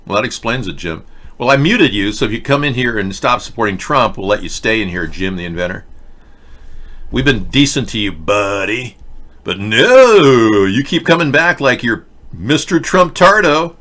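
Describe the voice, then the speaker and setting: A man's voice: mid-range voice, sing-song, moderate pace, sharp tone. A man hosting a livestream political rant, sarcastic, mocking and rambling as he talks to his chat. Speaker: host.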